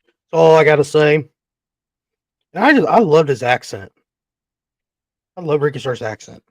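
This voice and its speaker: A man's voice: fairly high pitch, lively intonation, moderate pace, dry recording. A man hosting a wrestling podcast in casual chat, rambling and swearing freely, sometimes talking while eating. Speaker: podcast host.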